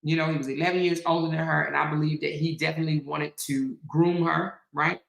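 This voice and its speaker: A woman's voice: deep voice, steady tone, fast, gravelly, echoey room, poor audio. A woman hosting an opinionated commentary monologue, emphatic and repetitive, often checking in with "right?". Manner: emphatic, repeats phrases, frequent "right?". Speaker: commentary host.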